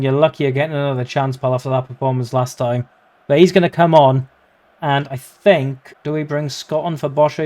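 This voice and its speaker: A young man giving casual, excitable play-by-play commentary over a football management game, yelping at near misses and swearing casually. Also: on the high side. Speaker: gaming YouTuber.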